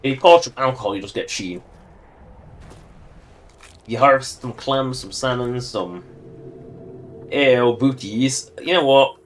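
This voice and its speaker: A man's voice: medium pitch, unhurried, long pauses. A man giving casual, joking commentary while livestreaming a game and talking to its characters. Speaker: streamer.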